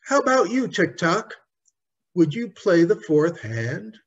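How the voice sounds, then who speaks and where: Man doing a lively young girl. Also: high voice, slow, husky, pitched above the performer's own voice, full character voice. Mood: eager. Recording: dull lo-fi recording.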